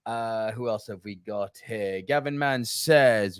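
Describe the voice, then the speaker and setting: A man's voice: lowish voice, slow pace, hardly any pauses, smooth, no echo, clean studio sound. A man co-hosting a podcast, reading out viewer comments and giving blunt opinions that include swearing. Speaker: podcast co-host reading live chat. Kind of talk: casual podcast chat.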